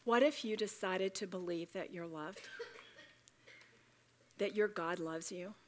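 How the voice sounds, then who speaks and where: A woman's voice: fairly low pitch, slow pace, a little hiss or hum. A woman giving a Bible study talk to a room of women, chatty and joking yet earnest. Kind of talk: sermon.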